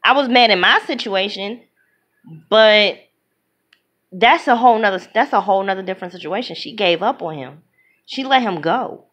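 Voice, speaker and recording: A woman giving an opinionated movie review in casual talk, emphatic and animated, often acting out what other people say. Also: mid-range voice, moderate pace. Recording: dull lo-fi sound.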